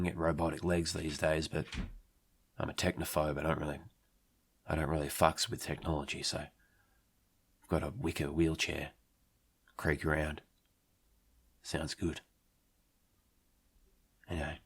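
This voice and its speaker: A man playing a rambling, swearing Australian bloke who tells an absurd story in a deadpan way, with an Australian accent. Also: extremely low pitch, measured pace, long pauses, breathy edge, exaggerated voice. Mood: deflated. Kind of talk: absurd comic monologue.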